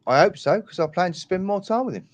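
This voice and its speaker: A man's voice: high voice, expressive, fast. A man from England, chatting on a video call, joking and reading out viewer comments. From southern England. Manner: jokey, wry, reads out viewer comments. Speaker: guest on an online chat show. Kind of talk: casual chat and joke telling.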